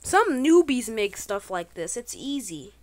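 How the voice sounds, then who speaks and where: A woman giving excitable, slangy commentary over her own gameplay, bursting into exclamations. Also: on the high side, unhurried. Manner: playful trolling banter, slangy. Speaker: gaming channel host.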